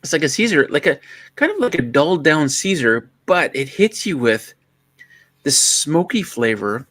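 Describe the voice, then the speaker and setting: A man co-hosting a casual livestream, joking and telling stories in a lively way. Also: a little high, moderate pace, dry recording. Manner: joking, storytelling, animated. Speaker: livestream co-host.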